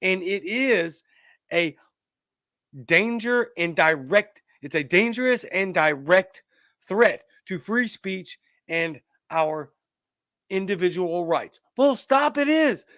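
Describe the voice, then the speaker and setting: A man's voice: high voice, slow pace, bright, forceful tone, dry recording, clean studio sound. A man hosting a political commentary show, ranting emphatically and reading out viewer comments. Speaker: host.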